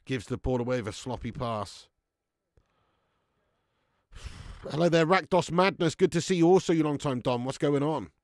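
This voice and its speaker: Young male fan host, high gravelly voice, sweary ranting commentary, dry close mic. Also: expressive, normal speed, long pauses, dry recording. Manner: deflated, muttering between outbursts. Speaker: fan watch-along host. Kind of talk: live football watch-along commentary.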